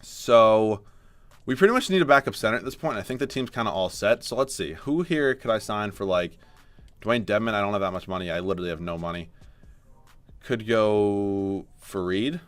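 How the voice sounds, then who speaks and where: A man's voice: fairly low pitch, lively intonation, normal speed, fairly bright tone, soft background music. A young man commenting on his own sports video game, frustrated and self-mocking, then pushing himself to sound upbeat. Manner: frustrated and self-mocking, swinging to forced cheer. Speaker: gaming YouTuber.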